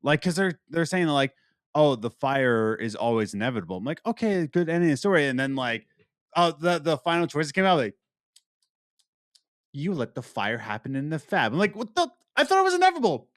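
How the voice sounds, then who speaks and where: A man co-hosting a podcast, chatting casually about a game, animated and swearing freely with loud outbursts. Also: mid-range voice, normal speed, no echo, clean studio sound. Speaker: podcast co-host. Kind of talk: casual game review chat.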